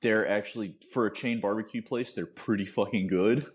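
A man's voice: lowish voice, normal speed. A young man, co-hosting a podcast in laid-back casual chat and swearing freely. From Texas. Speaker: podcast co-host.

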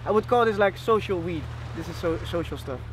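A man's voice: high-pitched, brisk, noisy background. Laid-back chatty man vlogging. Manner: relaxed, chatty, loose phrasing with fillers. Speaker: travel vlogger host. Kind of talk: casual vlog narration to camera.

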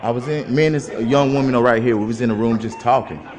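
A man's voice: medium pitch, fast talker, in a large hall, a crowd in the background. An upset father filming on his phone in a hospital corridor, repeating himself as he tells what happened. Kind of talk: agitated phone-filmed confrontation. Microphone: phone camera he is holding.

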